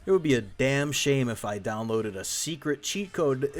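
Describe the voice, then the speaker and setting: Crude, jokey young man, slow drawl. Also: mid-range voice, very animated, soft background music. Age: young adult. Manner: crude, profane and irreverent; jokey, laughs at his own gags. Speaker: video essay host. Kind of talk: comedic gameplay commentary voice-over.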